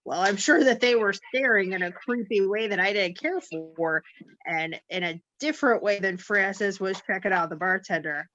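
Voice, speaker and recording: Woman, tabletop player, mid pitch, measured, dry close sound, dull lo-fi audio. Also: fairly bright tone, no echo. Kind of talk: in-character tabletop play.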